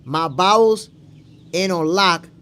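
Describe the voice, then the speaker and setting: A man's voice: sits high, slow, bright, forceful tone. A man hosting a boxing stream, arguing his point emphatically, repeating lines for stress and answering chat. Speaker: boxing show host. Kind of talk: live stream commentary reading chat.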